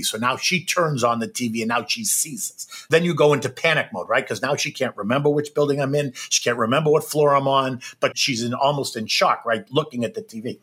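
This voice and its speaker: Husky man telling a story, forceful. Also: mid-range voice, a little fast, hardly any pauses. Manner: emphatic, repetitive, tags "right?" onto sentences. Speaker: trader recounting a personal experience. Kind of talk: personal storytelling.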